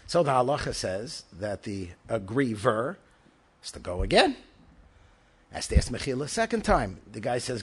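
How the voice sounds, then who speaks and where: A man's voice: medium pitch, very animated, normal speed, breathy edge. A man, a rabbi, giving an emphatic Torah lecture, asking rhetorical questions and weaving in Hebrew and Yiddish terms.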